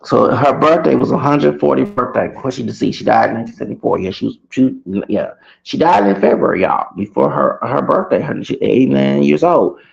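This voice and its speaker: A man telling a heated, rambling personal story to camera, repeating himself and swinging between loud and soft. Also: mid-range voice, lively intonation, fairly quick, gravelly, dull audio. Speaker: vlogger.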